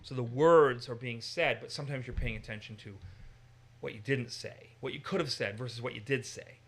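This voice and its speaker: An American man with a bright, forceful voice teaches in an easygoing discussion. He is animated and lively, and now and then he slips into exaggerated voices to make a point. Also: mid-range voice, a little fast, creaky. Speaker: Bible teacher.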